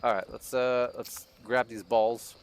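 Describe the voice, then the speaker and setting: A man's voice: medium pitch, level tone, a little slow, clean tone. A man giving crude, joking commentary over a video game, swearing a lot as he talks. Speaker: let's play host. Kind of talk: casual gameplay commentary.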